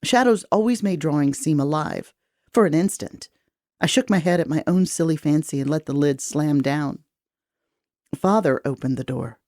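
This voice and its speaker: Woman reading an audiobook in first person, low dark voice, dry close sound. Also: normal speed, no room sound. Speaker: audiobook narrator.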